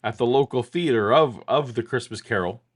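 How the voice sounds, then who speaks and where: A man's voice: medium pitch, expressive, normal speed. A middle-aged man co-hosting a casual chat, telling a long self-deprecating story full of restarts. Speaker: podcast co-host.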